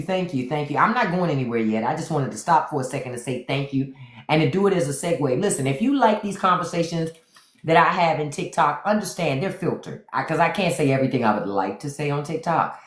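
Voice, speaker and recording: A woman hosts a livestream with sassy, playful comic commentary and repeats her punchlines. Her voice sits on the low side. A roomy echo surrounds her speech, and she reacts quickly to what she sees. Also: lively intonation. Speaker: livestream host. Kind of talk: casual comedic commentary. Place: indoors, phone livestream.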